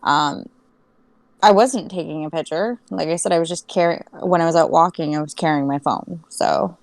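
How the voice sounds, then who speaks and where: A woman's voice: low-pitched, normal speed, vocal fry, dry recording. A young Canadian woman co-hosting a podcast, chatting casually and rambling with lots of fillers and laughs. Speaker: podcast co-host. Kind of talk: casual chat.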